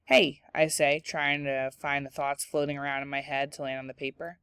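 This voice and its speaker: A woman teacher reading a children's novel aloud in clear, steady storytelling narration. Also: very deep voice, fairly quick, dry recording, studio quality. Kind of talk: read-aloud book narration.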